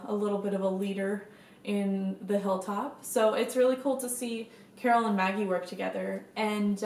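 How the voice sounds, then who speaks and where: A woman's voice: mid-range voice, a little mellow. A young woman vlogger chatting casually to camera, gushing enthusiastically and swearing now and then. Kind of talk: casual fan chat to camera. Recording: echoey room.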